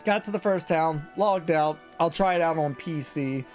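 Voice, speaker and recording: A man streaming a game live, chatting in a relaxed, casual way with fillers. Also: a little high, moderate pace, soft background music. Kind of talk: casual live gaming chat.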